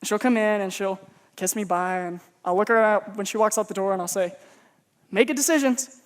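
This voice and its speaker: A man's voice: high voice, flat delivery, a little fast, clean tone. Joking, chatty male preacher. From Texas. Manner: humorous, conversational, self-mocking. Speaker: pastor. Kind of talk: sermon with personal storytelling.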